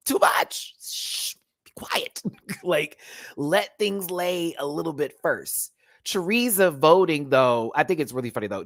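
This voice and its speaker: A man's voice: medium pitch, fairly bright tone. A man hosting a live stream, giving casual, sassy, campy commentary on a reality competition show and talking straight to his viewers.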